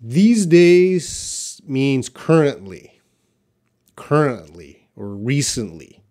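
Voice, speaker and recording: A man teaching English in a live question-and-answer class, explaining patiently and repeating words slowly for learners. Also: medium pitch, very animated, warm tone.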